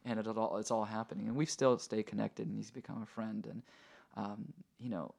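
A man's voice: on the low side, little pitch movement, brisk, creaky, darkish tone. A man hosting a podcast, telling a personal story in an earnest, reflective way. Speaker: podcast host. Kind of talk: conversational storytelling.

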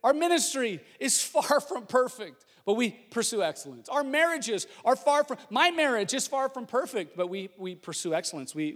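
A middle-aged man preaching a sermon as a pastor, telling a story in an animated way and acting out what people said. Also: fairly high pitch. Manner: storytelling, animated, acts out quotes. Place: church sanctuary. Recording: long reverb of a large hall.

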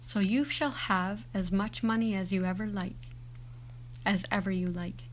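A woman's voice: medium pitch, steady tone, unhurried, a little hiss or hum, natural voice. Woman doing a sly old witch explaining things, storybook reading. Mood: coaxing.

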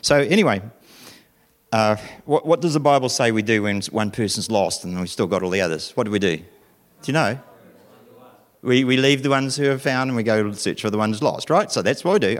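A man's voice: fairly low pitch, a little fast. A middle-aged man preaching a conversational sermon, telling stories, acting out voices and questioning his listeners. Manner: animated storytelling, acting out voices, asking the audience questions.

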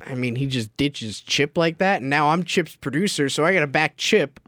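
Lively, animated man bantering in studio. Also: on the high side, moderate pace, no room sound. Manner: joking, animated, teasing. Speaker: show producer and after-show host. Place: radio studio.

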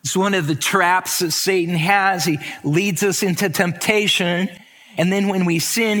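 A man preaching at an unhurried, measured pace, letting his words land one at a time. He acts out the quoted lines with sudden lifts in pitch and stretched words. Then he falls back to a hushed, heavy tone. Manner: slow, deliberate preaching with sudden soft drops. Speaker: pastor. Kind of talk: sermon.

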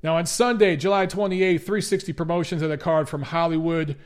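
Male host, high voice, casual profane commentary with Q&A. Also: fairly even intonation, fairly quick. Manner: blunt, profane, chatty. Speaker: boxing show host.

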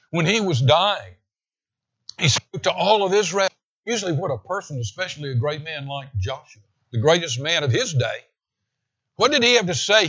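A man preaching a sermon with emphasis, slowing down to read scripture aloud. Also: fairly high pitch, a bit bright. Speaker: pastor.

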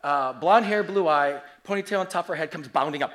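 A man in his forties preaching a sermon, telling stories in an animated, humorous way. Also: a little high, a little fast. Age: 40s. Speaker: pastor.

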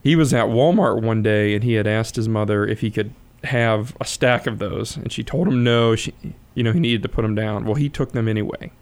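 Smooth-voiced, articulate man. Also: fairly low pitch, a little fast, hardly any pauses, a little mellow. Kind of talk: casual chat on a faith talk show.

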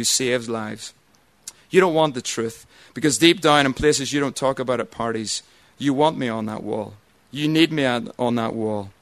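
A man reciting a stern, domineering male military colonel in a loud, forceful declamation. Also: medium pitch, dry recording, close to an everyday voice.

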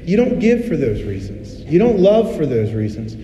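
Man, pastor, sermon, candid chatty delivery, fairly high mellow voice, echoey church hall with a long reverb. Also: sing-song, normal speed, few pauses, a little hiss or hum. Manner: candid and conversational, acts out little voices. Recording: roomy hall reverb, faint ambience.

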